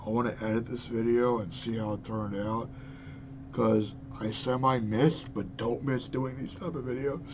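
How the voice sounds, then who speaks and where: A man's voice: mid-range voice, lo-fi sound, background noise. Profane young man ranting into a webcam. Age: 20s. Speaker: vlogger. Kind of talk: political rant.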